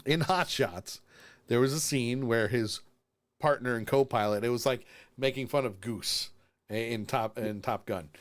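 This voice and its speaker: A man's voice: mid-range voice, measured pace. A tired man co-hosting a live-streamed podcast, casually recapping a show and acting out lines with frequent laughs. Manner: animated storyteller, acts out quotes and laughs often. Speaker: podcast co-host. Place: streaming from home.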